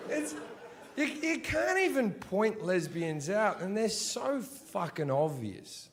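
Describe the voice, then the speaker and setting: A man performing a stand-up routine, crude and swearing, mimicking the people in his stories and swinging from low mutters to shouts. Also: very animated, slow, gravelly. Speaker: stand-up comedian. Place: comedy stage before an audience.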